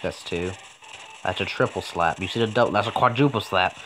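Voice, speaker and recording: A man's voice: deep voice, brisk, background noise. A man casually commenting on a video game, joking, swearing and talking back to the game. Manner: joking, profane, talks to the game.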